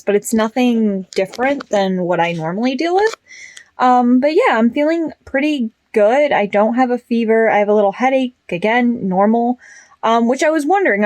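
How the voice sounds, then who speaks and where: A woman's voice: a little high, darkish tone, no echo. A young woman talking openly and chattily to her phone camera in a personal vlog, with many fillers. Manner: frank and chatty, with frequent fillers. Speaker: vlogger.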